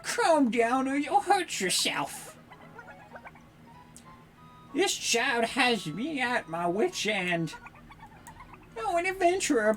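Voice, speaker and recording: A woman's voice: sits high, voice pushed up, exaggerated voice, rough recording. A woman voicing a frazzled, worried mother villager in a video game, sounding exasperated.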